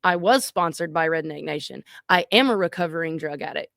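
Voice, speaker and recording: A woman's voice: low-pitched, brisk, gravelly, fairly bright tone, no echo, studio quality. A woman giving reaction commentary in an earnest, emphatic way. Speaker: reaction video host.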